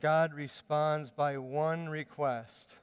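A man's voice: fairly high pitch, fairly even intonation, slow, smooth. A man giving a sermon, telling the story in a conversational way with small hesitations. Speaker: preacher. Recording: long hall reverb.

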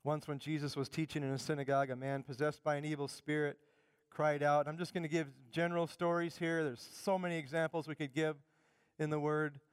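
Fervent preacher with a clear, smooth voice. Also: male voice, on the high side, little pitch movement, fairly quick, dry recording, big-room sound. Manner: fervent, emphatic preaching that drops to quiet asides. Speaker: pastor. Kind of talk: sermon.

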